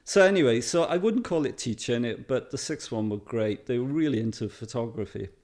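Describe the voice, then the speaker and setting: Welsh man telling lively anecdotes. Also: mid-range voice, a little fast. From Wales. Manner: lively anecdotes, mimics others in quotes. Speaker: interviewee. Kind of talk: casual storytelling.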